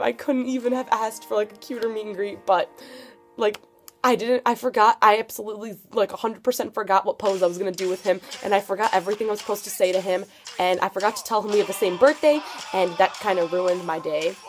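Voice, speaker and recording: Excited teen girl vlogging, says "like" constantly, music playing behind her. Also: medium pitch, fairly quick. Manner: gushing, excitable, filler-heavy "like" talk. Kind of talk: casual storytelling vlog. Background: background music.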